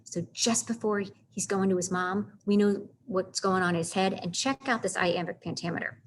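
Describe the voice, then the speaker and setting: A woman's voice: mid-range voice, moderate pace, a little hiss or hum. Chatty woman teaching a literature lesson. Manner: chatty, animated, reads verse aloud with stresses. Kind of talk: casual classroom lecture on literature.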